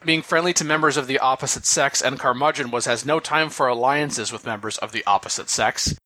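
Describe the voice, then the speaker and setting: A man hosting a podcast, reading out notes and commenting on them in a measured, wry way. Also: medium pitch, sharp tone, no room sound. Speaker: podcast host. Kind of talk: casual game discussion.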